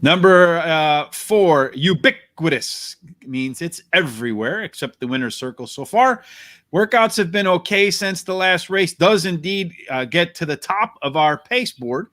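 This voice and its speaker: Bright-voiced man giving racing picks. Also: a little high, expressive, no room sound, studio quality. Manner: brisk, analytical, addresses co-host by name. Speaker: racing handicapper host. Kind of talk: horse racing preview analysis.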